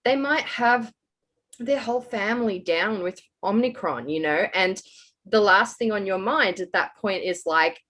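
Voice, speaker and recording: Woman hosting a chatty podcast, mid pitch, thoughtful and encouraging. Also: unhurried, fairly bright tone. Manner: reflective, encouraging. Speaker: podcast host. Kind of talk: casual podcast chat.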